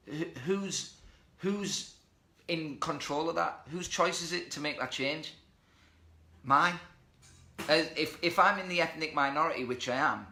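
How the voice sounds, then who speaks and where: A man hosting a casual live-stream talk, speaking in an animated, emphatic, motivational way, a little tipsy. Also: a little high, roomy sound. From India. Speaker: host of a live show.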